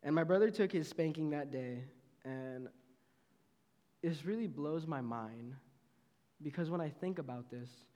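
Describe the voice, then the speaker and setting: Young man, youth sermon, animated storyteller, slightly high voice, long hall reverb. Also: unhurried, pauses often. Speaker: youth ministry intern preaching.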